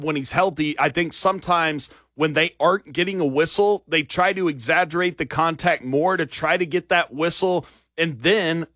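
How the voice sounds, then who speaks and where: A man's voice: on the high side, a bit bright, no echo, clean studio sound. A man hosting a sports talk radio show, giving opinions in a conversational way with many fillers, his voice wearing out. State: losing his voice. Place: radio studio.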